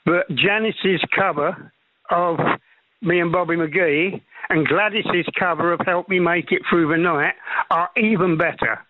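A male caller to a radio phone-in, joking in a dry, deadpan way. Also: high-pitched, measured pace. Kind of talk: phone-in call. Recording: tinny phone line.

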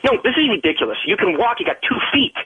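A man on a phone call, exasperated and shouting in frustration at his girlfriend. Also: high-pitched, very animated, fast talker. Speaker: prank call target. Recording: tinny phone line.

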